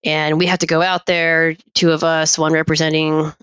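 A low-pitched woman guest recounts her poll-worker stories in a loose, chatty podcast style, laughing as she goes. The audio is dry and dull, with a lo-fi quality. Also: moderate pace, smooth, dry recording. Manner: chatty, animated anecdotes with frequent laughs. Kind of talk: casual podcast storytelling.

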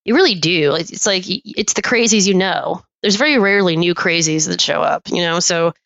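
Chatty low-voiced woman telling stories. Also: brisk, vocal fry, no room sound. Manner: chatty, animated anecdotes with frequent laughs. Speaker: poll worker guest. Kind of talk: casual podcast storytelling. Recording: dull, dry lo-fi audio.

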